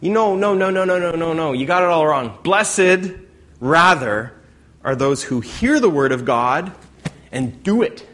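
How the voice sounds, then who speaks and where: A man's voice: a little high, big pitch swings, slow, sharp tone, exaggerated voice. A man voicing a teacher who earnestly corrects someone from a crowd.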